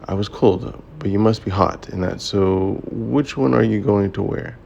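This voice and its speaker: A man's voice: on the low side, measured pace, gravelly, darkish tone, dull audio, a little hiss or hum. A man voicing a poised, bold young woman, lifting his voice lightly and speaking in a coaxing way. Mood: playful.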